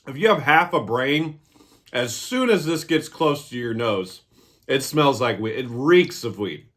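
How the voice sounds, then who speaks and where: A man's voice: medium pitch, expressive, normal speed, fairly bright tone. A man hosting his own review vlog, talking casually and joking as he eats. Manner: joking, irreverent. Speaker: cannabis reviewer.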